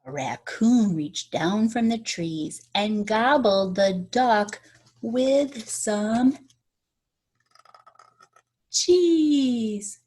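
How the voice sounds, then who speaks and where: A woman's voice: mid-range voice, a little mellow. A woman teacher reading a picture book aloud to children, drawing out key words and stopping to quiz her young listeners on rhymes. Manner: stretches out key words for effect.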